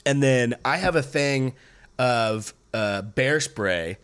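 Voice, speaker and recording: A man's voice: medium pitch, expressive, slow pace, fairly bright tone, smooth. A man, a stand-up comedian and podcast host, telling a story in casual chat, rambling with lots of fillers, restarts and swearing.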